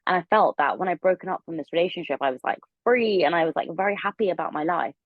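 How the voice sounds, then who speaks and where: A young woman telling a long story as a podcast guest, rambling and animated with plenty of fillers. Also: lowish voice, quick pace, no room sound, phone-quality sound. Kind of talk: casual storytelling interview.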